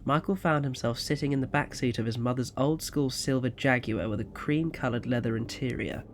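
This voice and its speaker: A man narrating an audio story in a quiet, even storytelling manner. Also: mid-range voice, slight background noise.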